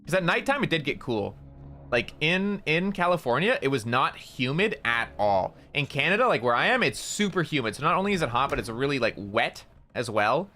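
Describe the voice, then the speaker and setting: A man with a bright, forceful voice chatting casually as he streams a game. He rambles through an anecdote, stammers and repeats words, and drops swear words without a second thought. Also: fairly high pitch, big pitch swings, brisk. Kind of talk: casual storytelling while gaming.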